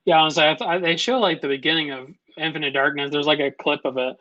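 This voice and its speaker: A podcast co-host chatting casually, agreeable and quick to laugh, often stumbling and restarting. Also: mid-range voice, pushed and bright, no room sound, lo-fi sound. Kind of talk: casual chat.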